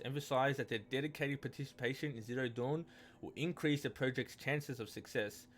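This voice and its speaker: A man giving casual gameplay commentary, reading in-game texts aloud in a rambling, hesitant way with many restarts. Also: medium pitch. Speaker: let's play gamer.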